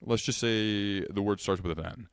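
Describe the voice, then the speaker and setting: A man co-hosting a podcast, telling an animated story in casual chat and acting out quotes. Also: fairly low pitch, normal speed, smooth, no echo, studio quality. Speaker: podcast co-host.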